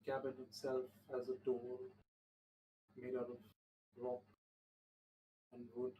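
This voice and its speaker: A man narrating a tabletop game as game master, describing scenes in a measured way with restarts. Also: medium pitch, monotone, lo-fi sound, a little hiss or hum. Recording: roomy distant mic with faint ambience.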